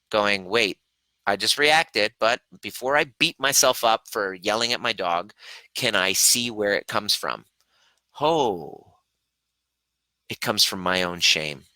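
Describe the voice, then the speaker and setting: A man's voice: on the low side, bright, forceful tone, no room sound, low-quality recording. A middle-aged man coaching viewers in a live question-and-answer stream, earnest and reflective, acting out his own reactions as he talks.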